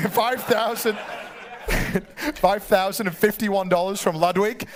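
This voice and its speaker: A man runs a live auction and calls for bids in a playful, teasing manner. His voice is notably high for a man. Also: slow. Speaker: charity auctioneer.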